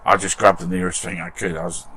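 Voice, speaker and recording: A man's voice: low-pitched, little pitch movement, fast, bright, forceful tone, slightly rough. A British man hosting a model restoration channel, chatting casually in his shed workshop and reading out viewer comments with self-deprecating humour.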